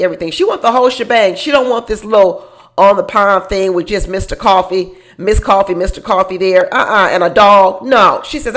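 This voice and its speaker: A woman's voice: medium pitch, fairly bright tone. A woman hosting a casual recap show, chatting to her viewers in a gossipy, laughing way about a reality program. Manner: speaks straight to viewers as "y'all".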